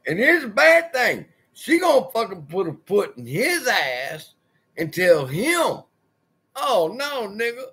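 Husky man on a heated, swearing rant. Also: high voice, wildly swooping pitch, a little slow, sharp tone. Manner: profane, heated ranting. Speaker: channel host. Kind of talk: personal rant to camera.

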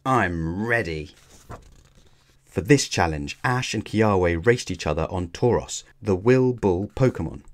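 A man reading a children's storybook aloud in a measured, expressive way. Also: low-pitched. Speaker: children's book reader.

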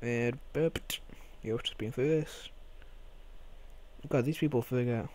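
Mellow-voiced man muttering gameplay asides. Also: mid-range voice, slow, pauses often. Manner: offhand, mutters asides to himself. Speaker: gameplay commentator. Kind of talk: casual chat.

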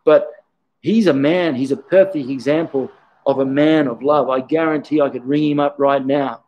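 A man's voice: medium pitch, normal speed, darkish tone, highs cut off, slight background noise. A man, a karate instructor talking casually in an interview, telling stories in an earnest, reflective way.

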